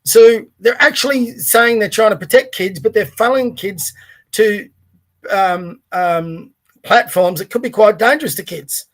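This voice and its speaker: A man's voice: sits high, measured pace. A man hosting a livestreamed podcast, giving blunt, rambling commentary with plenty of swearing. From Australia. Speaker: podcast host.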